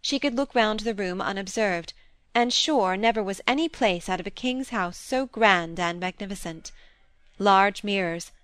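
A woman narrates a classic novel in a measured, expressive way. Her voice is smooth and clear at a middling pitch. She is recorded close on the mic, dry, with no room around her. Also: dry recording. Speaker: audiobook narrator. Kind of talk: scripted narration.

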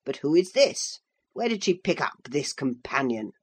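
A woman's voice: sits low, sing-song, normal speed, a little mellow, slightly rough, voice pushed down, heavily acted. A woman voicing a pompous old magistrate. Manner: pompous and blustering. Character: pompous older male magistrate.

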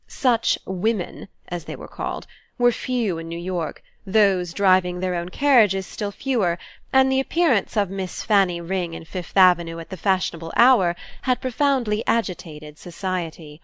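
A woman's voice: on the low side, animated, normal speed, a bit bright, clean tone, no room sound. Woman reading a classic novel. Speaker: audiobook narrator. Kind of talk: scripted narration of a classic novel.

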